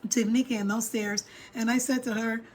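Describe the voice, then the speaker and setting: Addressing her viewers head-on, a middle-aged female vlogger recounts a story with animated emphasis at a moderate pace. Her pitch runs slightly high for a woman, and she drives each point home as she goes.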